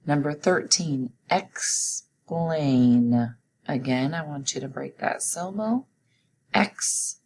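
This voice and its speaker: A woman teacher giving a recorded spelling test, reading each word slowly and deliberately and pronouncing it clearly. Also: low voice, a little mellow, low-quality recording. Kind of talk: recorded classroom spelling dictation.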